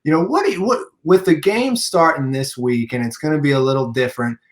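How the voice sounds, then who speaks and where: A man's voice: a little high, a little fast. A man hosting a casual interview, asking questions in a friendly, encouraging way. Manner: friendly, encouraging, uses many fillers. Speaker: podcast host.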